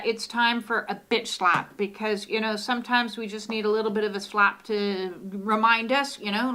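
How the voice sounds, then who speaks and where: A woman's voice: medium pitch, bright, forceful tone. A middle-aged woman hosting a live oracle card reading from her home studio, talking in a soothing way with lots of "uh" fillers.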